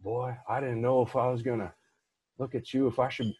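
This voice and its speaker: A man's voice: mid-range voice, little pitch movement, fairly quick, a little mellow, husky, close to an everyday voice. A man putting on an exaggerated drawl to imitate a threatening rural county commissioner. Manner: exaggerated drawling put-on accent.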